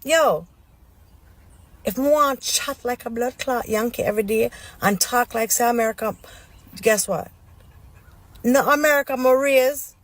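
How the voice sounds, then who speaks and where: A woman's voice: on the high side, a little slow, long pauses. A woman with a Jamaican accent in a heated, profane rant in patois. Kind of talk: social media clip.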